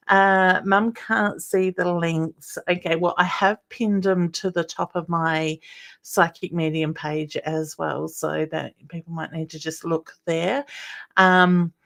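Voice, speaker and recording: A woman's voice: lowish voice, steady tone, takes it slowly, gravelly, a bit bright. An Australian woman hosting a live stream, chatting with viewers by name, calling them honey and rambling with lots of ums. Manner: rambling, with many ums and uhs. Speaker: psychic medium hosting a weekly live stream. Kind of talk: live-stream chat, reading viewer comments aloud.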